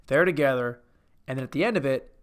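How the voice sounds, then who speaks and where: A man's voice: mid-range voice, fast talker, clear, resonant tone. A man hosting a comedic movie review, rambling, interrupting himself and swearing casually. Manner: rambling and self-interrupting, profane. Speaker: host.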